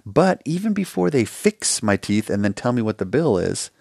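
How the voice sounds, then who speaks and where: A man's voice: medium pitch, sing-song, moderate pace, creaky, darkish tone, husky, no room sound, clean studio sound. A man hosting a solo advice podcast, talking emphatically and with passion, acting out short dialogues. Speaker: podcast host.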